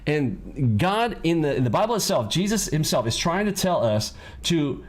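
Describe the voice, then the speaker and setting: A man's voice: a little high, very animated, moderate pace. Emphatic, preachy male trading coach. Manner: emphatic, preachy, repeats points with "okay?". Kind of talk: livestream trading lesson.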